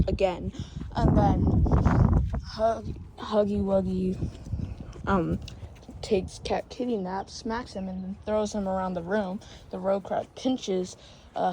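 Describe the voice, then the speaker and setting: Slow rambling woman. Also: medium pitch, background noise. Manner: rambling, many restarts, acts out quotes. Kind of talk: casual plot retelling.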